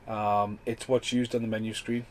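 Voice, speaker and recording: A man's voice: fairly low pitch, level tone, moderate pace, darkish tone, slight background noise, poor audio. Rambling, sweary man. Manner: rambling, sweary, loose chatty delivery. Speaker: podcast host. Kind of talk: casual film commentary.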